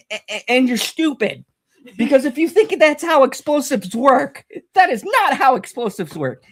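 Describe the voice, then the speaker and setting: A woman hosting a commentary channel, delivering a furious, profane rant, stammering when heated and mocking her critics. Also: sits high. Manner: furious, sweary, mocking sing-song impressions of critics.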